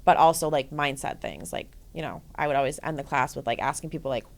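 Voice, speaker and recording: A woman fitness coach as a podcast guest, telling stories in a casual, energetic way, swearing freely and often adding "right?". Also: low-pitched, fast. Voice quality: profane, energetic, frequent "right?" and "like". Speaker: guest, bodybuilding and life coach. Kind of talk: casual storytelling interview.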